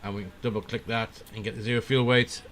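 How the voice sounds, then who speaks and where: A man streaming a flight simulator, casually talking through his preflight setup and often pausing with "uh" as he thinks aloud. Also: on the low side, a little hiss or hum. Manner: relaxed, thinking aloud with frequent "uh" pauses. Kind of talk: casual live-stream commentary.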